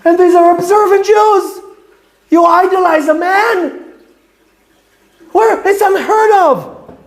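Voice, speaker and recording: A man preaching as a rabbi, fiery and rebuking, repeating words for emphasis and swinging between shouts and hushed tones. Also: extremely high pitch, slow. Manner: repeats words for emphasis, asks rhetorical questions. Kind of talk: impassioned sermon.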